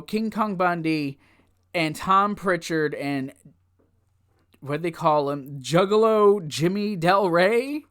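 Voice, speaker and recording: A man giving a casual, rambling recap of an old wrestling event, easily excited and laughing often as he goes. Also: high-pitched, clean tone. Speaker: wrestling show reviewer.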